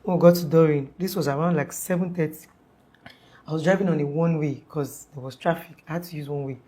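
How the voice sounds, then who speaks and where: A woman's voice: low voice, a little fast, mellow. A young woman recounting an emergency in a rambling, casual way with many restarts and "like"s. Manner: rambling, restarts often, uses "like" a lot. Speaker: guest telling her story. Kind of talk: casual storytelling in interview.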